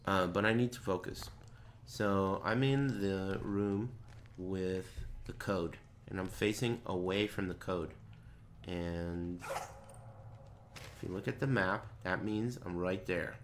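A deep-voiced man talks slowly while streaming a horror game, muttering directions to himself and swearing at things that startle him. It's let's play commentary, with a little hiss or hum in the background.

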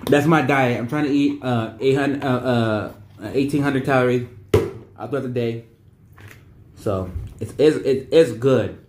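A man's voice: mid-range voice, unhurried, echoey room, noisy background. A man talking casually as he reviews noodles for his vlog, rambling and restarting his sentences often. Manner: rambling, repeats himself with many restarts and fillers. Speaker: vlogger.

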